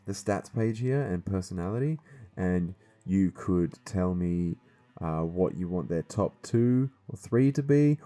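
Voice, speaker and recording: A man's voice: low voice, warm tone. A man hosting a voiced game series, giving casual gameplay commentary to his viewers in an earnest way, explaining things step by step.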